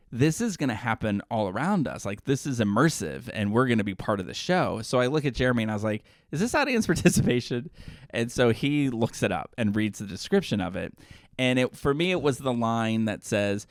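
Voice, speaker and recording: A man with a lowish voice co-hosts a casual podcast, rambling through his stories and frequently correcting himself. The recording is dry and studio-clean.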